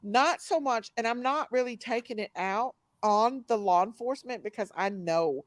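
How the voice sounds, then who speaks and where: A woman's voice: fairly high pitch, moderate pace, no echo. Woman, live panel host, heated and indignant, dry close sound. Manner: heated, indignant, greets viewers by name. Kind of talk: casual live chat.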